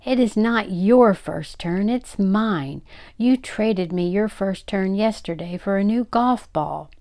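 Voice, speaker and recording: A woman voicing a shrill, squealing, quarrelsome mother in a storybook read-aloud. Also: animated, unhurried, vocal fry. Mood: bickering. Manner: squealing and yelling.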